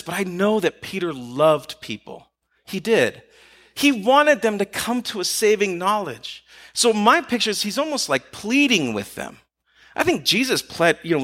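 Male preacher, lively and casual, high bright tone, acts out quotes. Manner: animated, acts out quotes, rhetorical questions. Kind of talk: conversational sermon.

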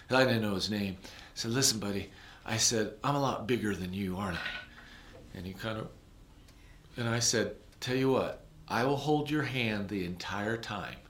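Guy pastor rambling through a sermon story, bright punchy voice, echoey church. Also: mid-range voice. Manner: conversational, rambling with restarts and asides.

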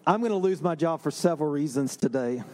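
A man, a pastor, preaching a sermon in a relaxed storytelling way with self-deprecating humor. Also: fairly high pitch, fast talker, a faint crowd. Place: church sanctuary.

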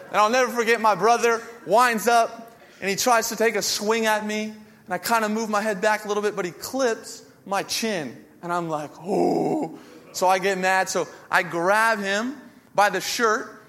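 A man with a notably high voice preaches a sermon, telling self-mocking stories with humor. His words ring out with the long reverb of a large hall. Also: fairly bright tone. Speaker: pastor.

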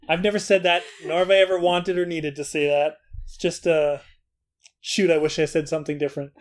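A man's voice: a little high, normal speed, pauses often. A man teaching a Bible lesson in an earnest, scripted way, with self-deprecating asides. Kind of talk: scripted Bible study narration.

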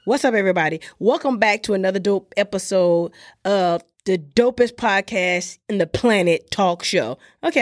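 A woman's voice: mid-range voice, no echo. Chatty woman podcast host, dry sound. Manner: chatty, calls listeners honey and y'all. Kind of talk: casual solo podcast talk. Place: garage turned into a home studio.

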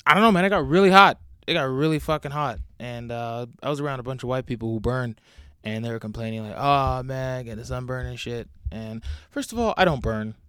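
A man's voice: mid-range voice, sing-song, fast, fairly bright tone, smooth, no room sound, clean studio sound. A young man hosting a solo podcast from home, rambling and joking with lots of swearing. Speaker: podcast host. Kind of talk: casual solo podcast rant.

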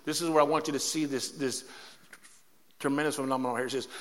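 A man preaching a sermon, telling a story with lively, laughing energy. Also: a little high, quick pace, in a large hall. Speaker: pastor.

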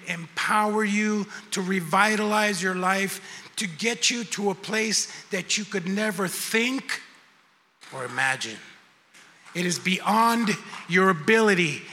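A male pastor preaching a sermon with slow, emphatic words of encouragement. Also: sits high, sharp tone. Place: church sanctuary with a congregation. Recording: long church hall reverb, faint noise.

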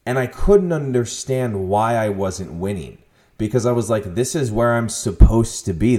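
Animated, swearing man telling a story. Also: mid-range voice. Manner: animated, profane storytelling with sudden loud outbursts. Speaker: podcast host. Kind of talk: casual monologue.

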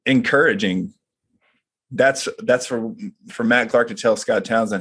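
A man's voice: lowish voice, fairly even intonation, moderate pace, a bit bright, husky. A man who leads a men's group, talking in casual chat and telling personal stories in an earnest, reflective way.

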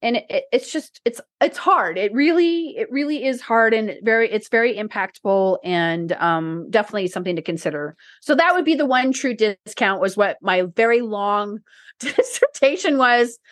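A woman with a fairly high voice chats on a podcast, rambling and restarting her sentences. She sounds teary, close to crying. The sound is dry and close, with no room echo. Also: expressive, normal speed. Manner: emotional, rambling with many restarts. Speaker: podcast co-host. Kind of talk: casual podcast chat.

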